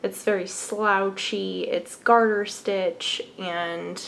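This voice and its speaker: A woman's voice: medium pitch, steady tone, slow pace, vocal fry, fairly bright tone, slight background noise. A young woman hosting a knitting podcast, chatting casually and gushing about yarn, sometimes dropping into a whisper. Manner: gushing and enthusiastic, drops into whispers. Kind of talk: casual show-and-tell chat.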